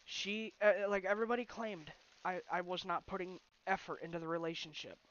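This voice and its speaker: A young man venting at home in an emotional vlog rant, frustrated and halting, often restarting his sentences. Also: sits high, fairly even intonation, a bit bright, highs cut off, a little hiss or hum. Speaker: vlogger. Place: bedroom at home.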